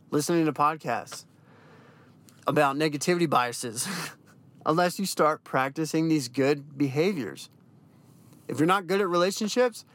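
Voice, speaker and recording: A man's voice: a little high, a bit bright. A young man hosting a podcast, giving a blunt, profane motivational monologue that keeps hammering the same points over and over. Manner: emphatic, repeats key phrases. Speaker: podcast host.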